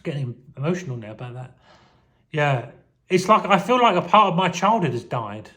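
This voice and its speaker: Man, forties, fairly high voice, rambling, heartfelt, casual vlog talk. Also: sing-song, moderate pace, sharp tone. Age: 40s. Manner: rambling, heartfelt, emotional, many restarts. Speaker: vlogger. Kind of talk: casual personal reflection to camera.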